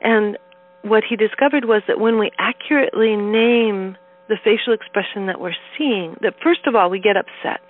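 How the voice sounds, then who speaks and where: Brief: female interview guest, lively anecdotal delivery, heard over a narrow phone line. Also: mid-range voice, moderate pace. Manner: animated storytelling, acts out quoted voices. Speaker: guest, neuroscience educator. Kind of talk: conversational interview.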